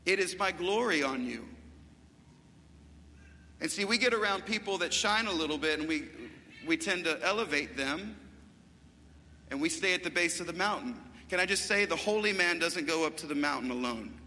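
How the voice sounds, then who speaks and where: A middle-aged man preaching with passion in a high, very bright and forceful voice. He moves quickly between loud and quiet passages. A long hall reverb trails after his words. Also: slight background noise. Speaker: guest preacher. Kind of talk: sermon.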